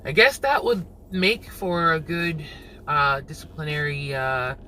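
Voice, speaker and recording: A man hosting his own reaction channel, musing aloud in casual commentary and quick to laugh. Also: a little high, bright, forceful tone, a little hiss or hum, rough recording.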